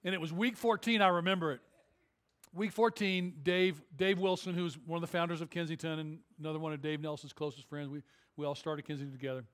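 A high-voiced male pastor, preaching to his congregation. He tells a story with jokes, then builds to emphatic, rising calls. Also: steady tone, fast. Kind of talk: sermon.

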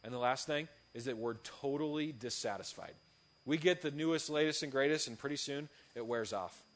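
A man, a youth pastor, giving a sermon full of lively, funny personal stories. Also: medium pitch, fairly quick. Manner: lively storytelling, animated and humorous.

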